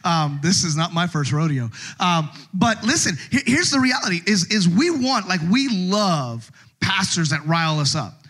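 Animated, higher-voiced male pastor preaching. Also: moderate pace. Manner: animated preaching, acts out voices with big pitch jumps and shouts. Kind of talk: sermon.

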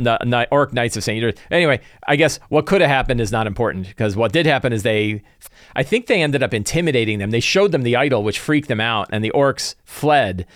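A man's voice: medium pitch, fairly bright tone, no room sound, studio quality. A man who runs tabletop games, thinking aloud about his prep in a loose, conversational way. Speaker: game master. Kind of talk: casual solo game-prep talk.

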